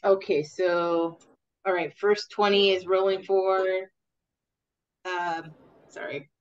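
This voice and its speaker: A woman's voice: lowish voice, steady tone, slow pace. A woman playing a tabletop game, chatting in a hesitant, unsure way as she works out her rolls. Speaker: player. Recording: dull lo-fi audio.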